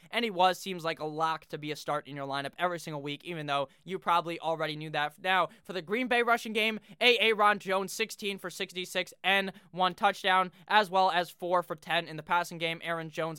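A man's voice: high-pitched, pushed and bright, clear, resonant tone, no echo, studio quality. A man giving a casual, brash fantasy football recap, joking and swearing freely. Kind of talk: casual profane sports recap.

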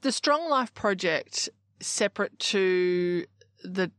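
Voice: mid-range voice, expressive, slow, fairly bright tone, no room sound. Podcast host with a dry, close sound. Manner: supportive, short affirmations. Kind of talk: casual podcast interview.

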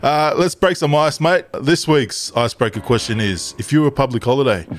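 A man's voice: mid-range voice, fairly quick. A young man co-hosting a podcast, swearing, teasing his mates and calling them "mate". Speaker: podcast co-host. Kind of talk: casual banter.

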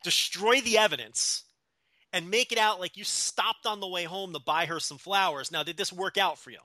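A man's voice: high-pitched, moderate pace, pushed and bright, dry recording. A man co-hosting a casual podcast from home, trading teasing, argumentative banter. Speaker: podcast co-host. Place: home, beside his wine rack.

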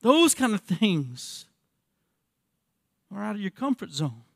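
High-voiced earnest man preaching a sermon. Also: big pitch swings, slow pace, gravelly, fairly bright tone, dry recording, studio quality. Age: 50s. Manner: earnest, repeats words, asks rhetorical questions. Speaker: pastor. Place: church.

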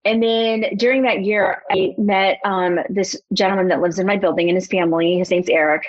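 A young adult woman, a photographer and podcast guest, telling a personal story in a lively, casual way and acting out her own past thoughts. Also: mid-range voice, brisk, lo-fi sound. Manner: animated storyteller, quotes herself.

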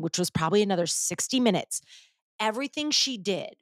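A woman hosting a podcast, telling a personal story in a casual, animated way, swearing freely and talking straight to her listeners. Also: medium pitch, brisk, dry recording, clean studio sound. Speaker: podcast host.

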